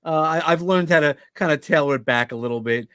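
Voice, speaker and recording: A man's voice: a little high, fast talker, fairly bright tone, smooth, no room sound, clean studio sound. A middle-aged man from Brooklyn with a New York accent, talking as an interview guest in a blunt, straight-talking, casual way. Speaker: podcast host as guest.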